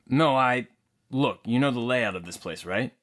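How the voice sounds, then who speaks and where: A man voicing a smooth, flirtatious male antiques dealer in an audiobook, easygoing and teasing. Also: medium pitch, expressive, normal speed, a bit bright, natural voice. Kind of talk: audiobook character acting.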